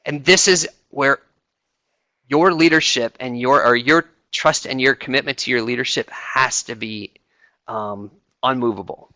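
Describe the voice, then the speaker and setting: A man's voice: a little high, normal speed, vocal fry, sharp tone, dry recording. A middle-aged man speaking on a webinar as a senior enlisted advisor, talking conversationally with many fillers and restarts. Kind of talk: informal talk to a webinar audience.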